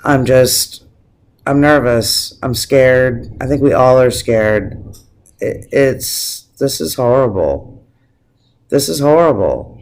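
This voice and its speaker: A man's voice: mid-range voice, a little hiss or hum. A man on a casual video blog, ranting emotionally, teary-eyed and swearing freely, with frequent restarts. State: teary, on the verge of crying. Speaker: vlogger. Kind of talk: casual opinion rant to camera.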